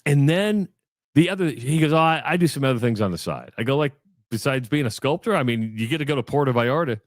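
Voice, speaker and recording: A middle-aged Iowa man co-hosts a sports radio show, spinning a long, casual story and voicing both people in the conversation. His mid-range voice moves quickly with lively intonation. The recording is clean studio sound with no room noise.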